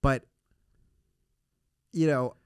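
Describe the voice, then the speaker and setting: A man's voice: very slow, no room sound, studio quality. A man who is a comedian guest on a podcast, telling stories in casual chat, swearing often and laughing through his stories. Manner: animated storyteller who swears a lot. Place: podcast studio.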